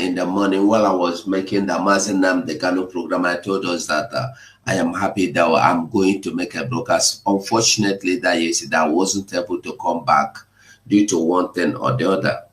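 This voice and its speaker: A man's voice: low-pitched, fairly even intonation, fairly quick, roomy sound, low-quality recording. A man, giving an impassioned, rhetorical live broadcast. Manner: emotional, rhetorical, mocking laughs at times. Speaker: online broadcaster.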